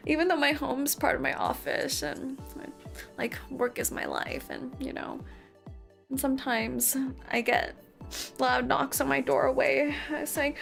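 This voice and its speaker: A woman's voice: high-pitched, measured pace, vocal fry, a bit bright, faint music behind. A woman VTuber chatting playfully with her stream audience, full of mock outrage and laughter. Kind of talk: casual livestream chat.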